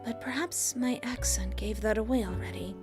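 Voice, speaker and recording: A woman voicing a poised, coolly detached female witch with a put-on French accent and smooth, formal speech. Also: medium pitch, moderate pace, natural voice. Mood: cool, composed. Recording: background music under the voice.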